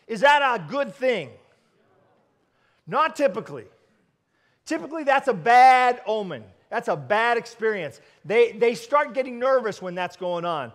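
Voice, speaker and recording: A man preaching a sermon as pastor, telling stories animatedly and swinging between loud and quiet. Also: very high-pitched, lively intonation, a little slow.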